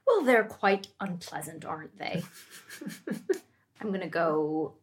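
A woman's voice: on the low side, very animated, slow. A woman playing her character in a tabletop game, prim, formal and polite. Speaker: player.

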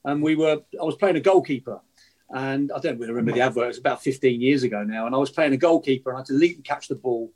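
A man's voice: mid-range voice, very fast, darkish tone, rough recording. A man, an actor, telling chatty self-deprecating stories as a guest on a casual podcast.

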